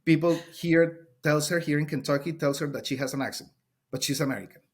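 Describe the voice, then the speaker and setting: A man's voice: fairly high pitch, brisk, slightly rough. A man with a Colombian Spanish accent, a Spanish teacher talking earnestly in a podcast interview and sometimes searching for words.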